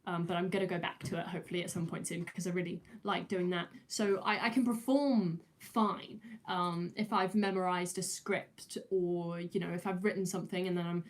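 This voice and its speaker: A woman's voice: fairly low pitch, steady tone, normal speed, few pauses. A nineteen-year-old woman, chatting casually on a livestream, with many fillers, restarts and a slight stutter. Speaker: streamer answering chat.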